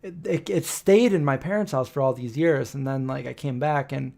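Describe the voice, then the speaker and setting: A man's voice: mid-range voice, normal speed, creaky, darkish tone. A man in his forties hosting a live stream, telling rambling family stories and acting out the dialogue. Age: 40s. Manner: anecdotal, acts out quoted dialogue.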